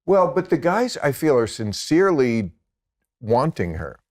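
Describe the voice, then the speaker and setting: A man's voice: medium pitch, sing-song, measured pace, a little mellow. A man in his sixties, a podcast guest, telling stories in a sardonic, mocking way during casual chat. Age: 60s. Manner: sardonic storyteller, slips into mocking voices.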